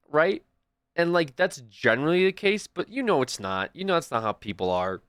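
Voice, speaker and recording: A man's voice: fairly high pitch, sing-song, moderate pace, fairly bright tone, smooth, no room sound, clean studio sound. A young adult man streaming, chatting casually and rambling through stories with many restarts. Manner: rambling, restarts and storytelling asides. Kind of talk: casual chat to stream viewers.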